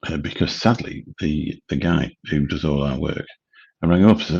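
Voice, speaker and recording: A man's voice: extremely low pitch, a little fast, breathy edge, muffled recording. A man, rambling casually as host of a late-night livestream chat. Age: 50s. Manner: rambling, chatty, swears casually. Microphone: studio mic through a mixer.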